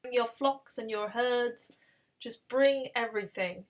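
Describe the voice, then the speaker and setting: Woman doing an emotional man reunited with his brothers, pleading and raised, pitched high. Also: unhurried, close to an everyday voice. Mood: earnest.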